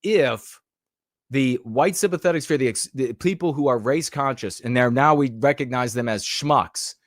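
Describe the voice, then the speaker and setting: A man's voice: medium pitch, moderate pace, no echo, studio quality. A man giving heated, emphatic podcast commentary over news clips, with frequent rhetorical flourishes.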